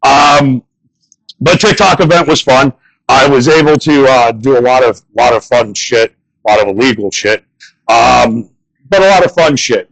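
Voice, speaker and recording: Crude stand-up comic rambling on stage. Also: male voice, fairly high pitch, vocal fry, low-quality recording. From northern United States. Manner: crude, rambling storytelling with swearing. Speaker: stand-up comedian. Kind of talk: stand-up set. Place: bar stage before a live audience.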